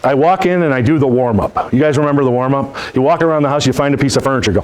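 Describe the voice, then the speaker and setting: Male sales trainer, folksy and animated, mid pitch, speaks to a room. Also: racing, hardly any pauses, low-quality recording. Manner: folksy, joking, animated storytelling. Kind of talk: motivational seminar talk.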